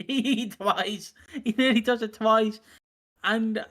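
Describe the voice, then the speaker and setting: A man's voice: sits high, slow. Sweary man acting out wrestling stories. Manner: animated retelling with acted-out voices, sweary. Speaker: podcast co-host. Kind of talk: casual wrestling review chat.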